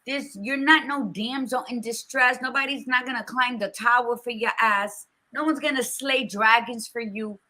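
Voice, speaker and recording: Bright higher-pitched woman, blunt and cussing, pep-talking her listeners. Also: fairly even intonation, moderate pace, hardly any pauses. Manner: blunt, profane, motivational. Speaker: podcast co-host. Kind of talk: casual chat.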